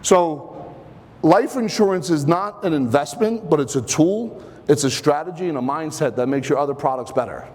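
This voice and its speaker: A somewhat high-voiced man, a little out of breath, presents a live seminar and keeps turning to the audience with quick questions. His voice carries a long reverb tail from the event hall he speaks in. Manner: energetic, engages the audience with questions.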